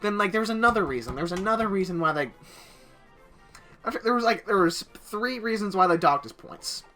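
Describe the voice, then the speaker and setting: Rambling bright-voiced young man. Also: high voice, animated, a little fast, faint music behind. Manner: rambling storytelling, heavy filler words. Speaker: gaming channel host. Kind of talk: casual gameplay commentary.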